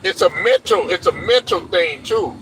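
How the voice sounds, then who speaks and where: A man's voice: high-pitched, animated, normal speed, a bit bright, poor audio. A man hosting a sports show, delivering a blunt, profane, preachy rant with faint traffic noise around him. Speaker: sports commentary host.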